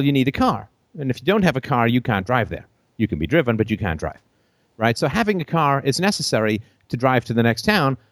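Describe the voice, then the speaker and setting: A British-accented man hosting a call-in show, holding forth off the cuff with a trained, flexible voice. His pitch swings widely as he talks, and he breaks into short laughs. The sound is dry and close. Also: no room sound. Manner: animated, laughs between phrases, theater-trained voice. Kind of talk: unscripted call-in show monologue.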